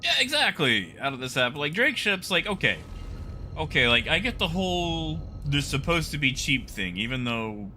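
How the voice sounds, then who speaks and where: Lively, bright-voiced male game streamer. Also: a little high, normal speed, a little hiss or hum. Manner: animated, chatty, laughs often, greets viewers. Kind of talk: casual live-stream commentary while gaming.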